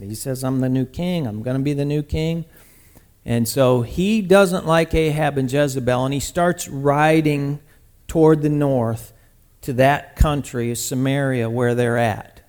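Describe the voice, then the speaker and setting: A man preaching a sermon, retelling a scripture story in a lively, conversational way with sudden loud bursts. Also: mid-range voice. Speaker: pastor.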